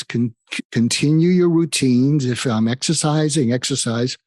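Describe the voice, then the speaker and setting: An older man serving as a psychiatrist guest gives earnest conversational advice in an interview, telling stories and emphatically repeating phrases for weight. He speaks at a medium pitch and normal speed in a slightly mellow voice, with clean studio sound and no room sound.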